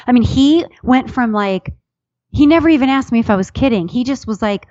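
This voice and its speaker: A woman author and comedian telling a self-deprecating story in a casual interview, chatty and animated, often restarting her sentences. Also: on the high side, brisk, dry recording, dull audio.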